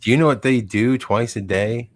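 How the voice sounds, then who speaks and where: A man's voice: mid-range voice, normal speed, dry recording. A man hosting a live stream, chatting casually and rambling with chuckles. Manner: rambling, chuckling, quotes dogs in silly voices. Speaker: livestream host. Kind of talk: casual chat.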